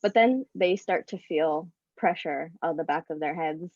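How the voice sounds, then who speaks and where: A woman's voice: deep voice, unhurried, darkish tone, no room sound. A woman improvising a story in a game with casual, giggly narration, over slightly muffled audio. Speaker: player.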